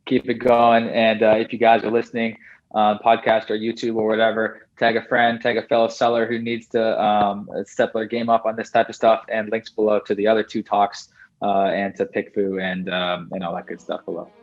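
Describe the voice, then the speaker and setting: A man hosting a podcast, wrapping up in a relaxed, filler-heavy way. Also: on the low side, moderate pace, highs cut off. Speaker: podcast host. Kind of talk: casual sign-off.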